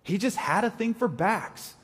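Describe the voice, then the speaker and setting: A middle-aged man preaching a sermon in a conversational, animated way, acting out short quotes as he teaches. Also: high-pitched, a little slow, slightly rough, in a large hall. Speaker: pastor.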